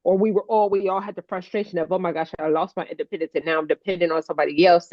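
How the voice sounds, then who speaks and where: Woman, low voice, animated, playful, dry dull sound. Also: no echo. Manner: animated, playful, laughs often. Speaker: co-host, stroke survivor advocate. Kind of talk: casual heartfelt chat.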